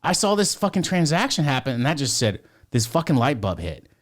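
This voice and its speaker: A man's voice: on the high side, big pitch swings, fairly quick. A man, a podcast guest, telling a story in a casual, rambling way, full of fillers, restarts and swearing.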